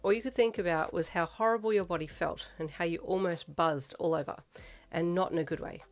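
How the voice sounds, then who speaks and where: Woman, fan fiction reader, second-person narration, steady delivery, lower voice. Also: brisk, soft background music.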